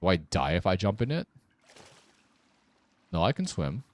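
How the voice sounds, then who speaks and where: A man's voice: deep voice, very animated, normal speed. A man streaming a game with casual, wry commentary, muttering sarcastic asides to himself.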